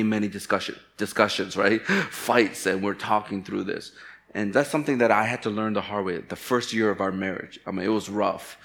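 A pastor from Chicago preaching a sermon, telling candid personal stories with self-deprecating humor. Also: male voice, on the low side, vocal fry, a bit bright. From Chicago, USA.

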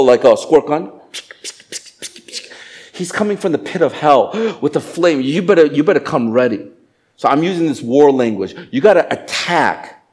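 A middle-aged male pastor preaching a sermon, animated and joking, acting out little voices. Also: on the high side, normal speed. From Asian family background. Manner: animated, acts out voices and jokes.

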